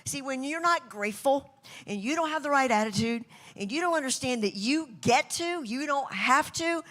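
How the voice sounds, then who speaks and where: Brief: woman speaker at a church event, slightly high voice, animated storytelling sermon. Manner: animated, shifts between loud bursts and soft, slow emphasis.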